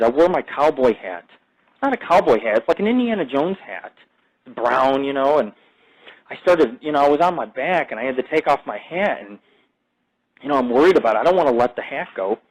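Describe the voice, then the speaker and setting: A man's voice: fairly high pitch, expressive, fairly quick, rough recording. A man hosting his own podcast, delivering a rambling, profane casual monologue that jumps between topics. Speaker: podcast host.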